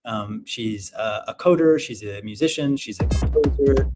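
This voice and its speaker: A man's voice: mid-range voice, moderate pace, music in the background. Upbeat rambling man hosting a livestream. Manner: upbeat, rambling, filler-heavy. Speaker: livestream showcase host. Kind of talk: casual online livestream hosting.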